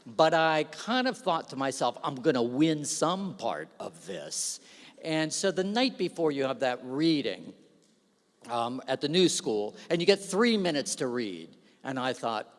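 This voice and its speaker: Man, lively pitch, fairly high voice, self-deprecating anecdotes, stage mic, reverberant hall. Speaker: awards gala speaker. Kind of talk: storytelling speech. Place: large hall.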